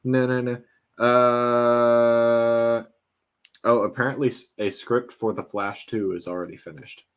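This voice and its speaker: A young man co-hosting a podcast, reading entertainment news in relaxed, casual chat with hesitant fillers. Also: mid-range voice, measured pace, smooth.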